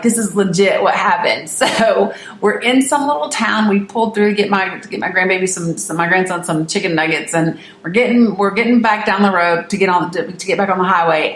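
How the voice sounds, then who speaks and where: A woman's voice: medium pitch, slight background noise. A middle-aged woman hosting her own show, telling viewers a personal family story earnestly and emphatically, often restarting her sentences. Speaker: host. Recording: roomy echo.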